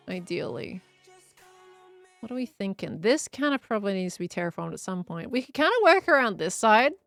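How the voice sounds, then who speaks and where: Aussie woman rambling to chat while she builds stuff in a game, soft music underneath. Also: medium pitch. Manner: chatty, reads out chat messages and muses aloud while building. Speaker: streamer. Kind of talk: casual live-stream chat while gaming.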